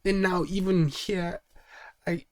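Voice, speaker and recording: A young man talks casually on his own channel and rambles from point to point. His voice sits a little high for a man. He restarts his sentences often and fills the gaps with "like". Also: level tone, slow. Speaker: channel host. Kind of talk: casual solo talk.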